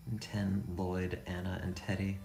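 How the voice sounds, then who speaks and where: A man's voice: sits low, flat delivery, a little slow, creaky, a little mellow, soft background music. A man streaming a game, rambling and thinking aloud with a self-deprecating, offhand manner. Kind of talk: casual let's-play commentary. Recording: echoey room sound.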